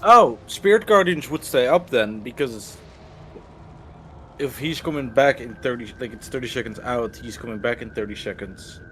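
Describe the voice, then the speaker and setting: A man playing a tabletop game, working through spell durations out loud. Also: medium pitch, normal speed, a little hiss or hum. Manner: working through rules aloud. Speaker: player. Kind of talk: casual tabletop chat.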